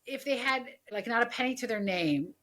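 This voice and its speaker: A woman's voice: fairly high pitch, lively intonation, normal speed, fairly bright tone. A woman from Canada with a light Canadian accent, hosting a casual podcast in a blunt, teasing way. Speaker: podcast host.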